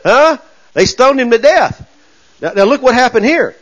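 Animated preacher, high voice. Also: male voice, normal speed. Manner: folksy, animated, acts out voices and shouts. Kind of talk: sermon. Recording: dull lo-fi sound.

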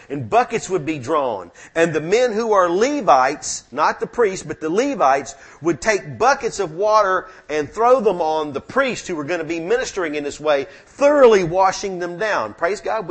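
A man preaches to his congregation with a high, husky voice. He surges to loud emphatic peaks, then falls to soft, low asides. He speaks into an amplified mic in a church sanctuary. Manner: fervent preaching that rises and drops sharply. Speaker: pastor. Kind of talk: sermon.

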